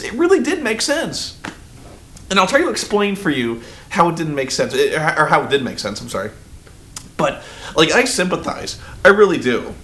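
A man vlogging about a movie in a rambling, excitable way, full of fillers and sudden high-pitched quoted reactions. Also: normal speed. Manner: excitable, rambling, many "like" fillers, big pitch jumps when quoting. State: groggy, just woken. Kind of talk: rambling movie review vlog.

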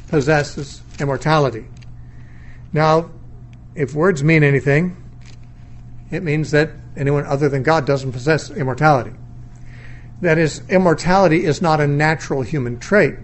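A middle-aged man gives a sermon lecture in a fairly high voice, thinking aloud as he weighs different views. He questions rather than asserts, and often restarts his sentences. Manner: thoughtful, reasoning aloud, with frequent restarts. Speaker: Bible teacher.

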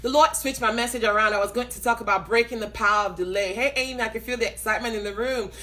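A woman preacher hosts a live broadcast and greets her viewers one by one by name. Her voice is bright and sits a little high. She sounds excited and laughs easily between greetings. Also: fast, soft background music.

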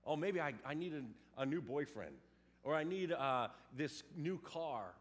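A man preaching a sermon in a lively, animated way, acting out little scenes and voices. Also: on the high side, unhurried. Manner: animated, acts out quotes and sounds. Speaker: pastor.

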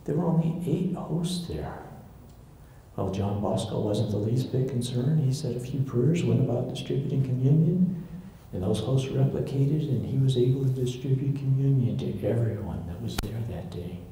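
Warm in tone and medium in pitch, a church history lecturer speaks at a normal speed as he recounts stories for a local audience, acting out the quoted speakers. Heavy room echo and faint noise are present.

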